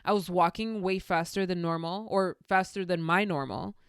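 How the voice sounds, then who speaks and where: A young adult woman hosts a reflective solo podcast, speaking candidly, telling stories and sharing spiritual musings. Her lowish voice is clear and resonant, with fairly even intonation and normal speed, in a dry, studio-quality recording.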